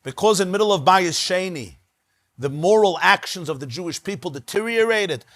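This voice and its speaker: A rabbi leads a Talmud study class in a synagogue, and his voice sits high and bright. He acts out the exchanges in the text with animation and slips Hebrew and Aramaic phrases into his English. The sound is close and dry. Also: normal speed, dry recording. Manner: animated, acts out dialogue between figures in the text.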